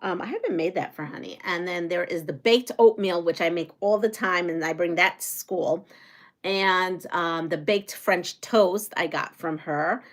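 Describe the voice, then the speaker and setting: A woman's voice: lowish voice, unhurried. A middle-aged woman hosting a casual quilting livestream, chatty and rambling as she talks with her viewers. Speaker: quilting channel host.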